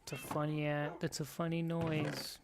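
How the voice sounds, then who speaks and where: A streamer talks casually over a game, drifting through loose, joking stories. The voice has a gravelly edge and a middling pitch. Steady noise sits clearly behind the voice. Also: moderate pace. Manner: rambling, joking storytelling. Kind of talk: casual chat while gaming.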